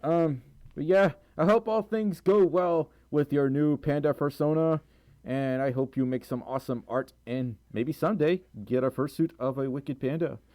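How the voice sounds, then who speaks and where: A man's voice: on the high side, moderate pace, dark tone, no echo, studio quality. A young man livestreaming, reading out donations and chat messages in a rambling way with lots of fillers, tired and sore-throated with a recurring cough. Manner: rambling, many fillers, stumbles over reading.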